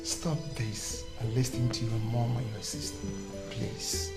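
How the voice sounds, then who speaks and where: An actor with a Nigerian accent playing a firm middle-aged uncle who lectures on family tradition. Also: male voice, mid-range voice, fairly even intonation, unhurried, loud music behind the voice, natural voice.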